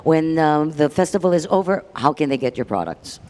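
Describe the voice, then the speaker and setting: A woman's voice: low-pitched, expressive, brisk, a little mellow. Woman host in a reverberant hall. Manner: upbeat, gushing praise. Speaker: festival stage host. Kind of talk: live demo interview. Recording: hall reverb, faint noise.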